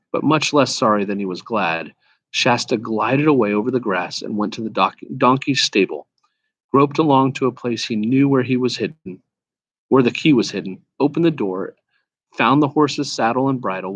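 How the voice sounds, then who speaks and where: Male reader of a children's novel, steady read-aloud, mid-pitched, dry close sound. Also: no room sound, lo-fi sound. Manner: steady, with occasional slips and restarts.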